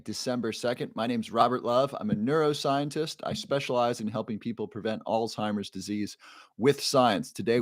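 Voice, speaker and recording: This neuroscientist livestream host has a mid-range voice, recorded dry at studio quality. Upbeat and casual, he calls out viewers by name as he reads the chat, occasionally giving a playful roar.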